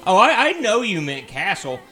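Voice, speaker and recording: A man's voice: high voice, big pitch swings, normal speed, sharp tone, soft background music. A man streaming a video game, chatting casually and mocking himself as he thinks aloud. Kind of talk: casual let's-play commentary.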